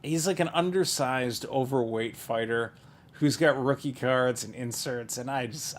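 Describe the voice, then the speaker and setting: A man's voice: medium pitch, normal speed. A man breaking open trading card boxes, giving a casual, rambling running commentary that drifts into asides with small chuckles.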